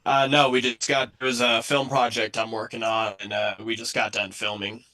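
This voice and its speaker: A man's voice: medium pitch, level tone, normal speed, pushed and bright. A young man, a student, chatting briefly and in a laid-back way. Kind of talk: casual chat.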